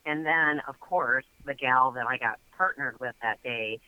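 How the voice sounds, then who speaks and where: A man's voice: mid-range voice, unhurried, smooth, dry recording, dull audio. A man telling a story casually as a guest, chatty and full of fillers.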